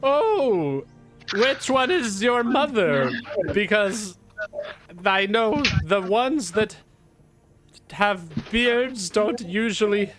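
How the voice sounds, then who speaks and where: A haughty female creature, voiced by a man, talks down to everyone in a high, bright, lilting tone. She stretches her words slowly and grandly. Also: expressive, soft background music, heavily acted. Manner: pompous, drawn-out, condescending. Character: vain self-important female creature named Tech.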